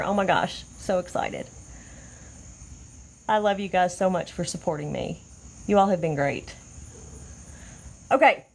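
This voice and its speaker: A woman hosting a casual live craft demonstration, chatty and easily excited as she greets viewers. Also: medium pitch. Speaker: crafter hosting a livestream tutorial. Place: outdoors or by an open window, fading daylight.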